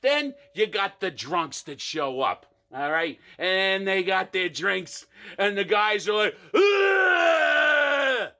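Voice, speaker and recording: A man performing an exasperated comic rant monologue, mocking people with quick impressions. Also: sits high, expressive, sharp tone.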